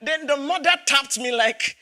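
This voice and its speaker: A man's voice: extremely high pitch, normal speed, sharp tone. A man, a pastor preaching a sermon, telling a story with laughter and acted-out dialogue.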